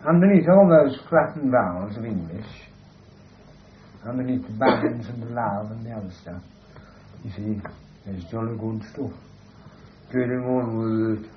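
A man's voice: mid-range voice, measured pace, pauses often, narrow, tinny audio, a little hiss or hum. A man holding forth in an emphatic, lecturing way, often asking "you see". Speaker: speaker discussing language. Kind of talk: discursive monologue in conversation.

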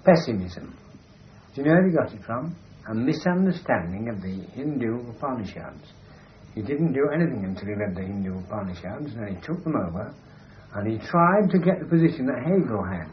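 A man's voice: medium pitch, big pitch swings, brisk, muffled recording, slight background noise. A man holding forth in an emphatic, lecturing way, often asking "you see". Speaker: speaker discussing language. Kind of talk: discursive monologue in conversation.

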